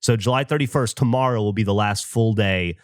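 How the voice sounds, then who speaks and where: A man's voice: on the low side, a little fast, no echo, studio quality. A man in his thirties hosting a podcast, telling a story in casual chat and acting out the voices of the people in it. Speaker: podcast host.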